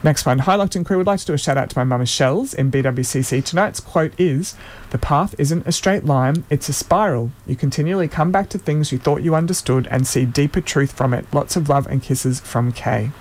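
With a fairly high pitch and a brisk pace, a community radio host breezes through listener shout-outs, now and then stumbling on someone's name.

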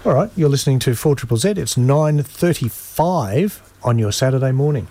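Husky-voiced radio host. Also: male voice, mid-range voice, expressive, moderate pace, warm tone. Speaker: radio presenter. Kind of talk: community radio sports chat. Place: radio studio.

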